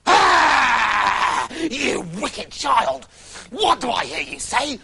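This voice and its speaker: A wicked old witch with a screeching, shouting voice that leaps high and wild, as a storyteller puts her on. She cackles and rants in a storybook telling. Her voice is pitched up and swings all over. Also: huge pitch swings, extremely slow, gravelly, crowd noise, heavily acted. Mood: furious. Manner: shrieking, cackling.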